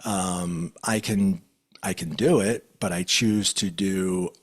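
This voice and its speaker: A man being interviewed as a metaphysical teacher, talking in a relaxed, rambling way with many fillers. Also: deep voice, takes it slowly. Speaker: guest, metaphysical teacher and medium. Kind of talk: casual interview storytelling.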